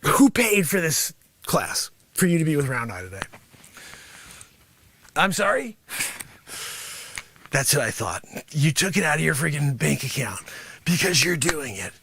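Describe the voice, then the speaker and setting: A man playing a brash, greedy male martial arts sensei in an improvised comedy bit, boasting and berating his students with loud shouted bursts. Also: fairly high pitch, big pitch swings, a little slow, creaky, long pauses, slight background noise, pitched below the performer's own voice, exaggerated voice. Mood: boastful. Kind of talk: improvised comedy character monologue.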